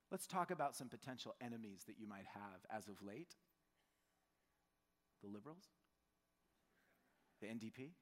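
Animated preacher in a reverberant hall. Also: male voice, mid-range voice. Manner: conversational, animated, acts out quotes. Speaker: pastor. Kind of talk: sermon. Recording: long church hall reverb.

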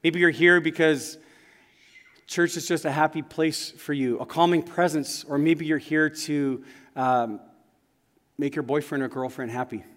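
A man's voice: fairly high pitch, steady tone, measured pace, a bit bright. A male pastor preaching in a church, telling stories in an earnest, conversational way. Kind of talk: sermon. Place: church sanctuary. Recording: long reverb of a large church hall.

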